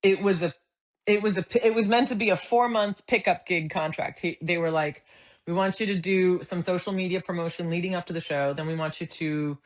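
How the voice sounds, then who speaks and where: A woman's voice: on the low side, a little fast. A middle-aged woman telling a story as an interview guest, acting out the dialogue as she goes. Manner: animated, acts out quoted dialogue. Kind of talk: conversational storytelling.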